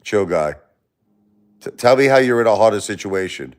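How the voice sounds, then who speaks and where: Lively-voiced man ranting at his chat. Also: moderate pace. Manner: angry, profane, repetitive, lectures and insults the commenter; jumps between loud outbursts and low muttering. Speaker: livestream host reading chat. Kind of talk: livestream rant at a chat commenter.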